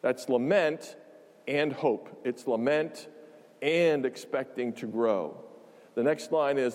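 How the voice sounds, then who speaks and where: A man's voice: mid-range voice, slow, darkish tone, long reverb tail. A man preaching a conversational, emphatic sermon, full of asides and repeated phrases.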